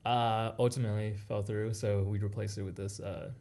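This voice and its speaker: A man's voice: on the low side, little pitch movement, moderate pace, a little mellow. A man guesting on a casual interview podcast, easygoing and laughing often. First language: Vietnamese heritage speaker. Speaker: guest, college outreach director.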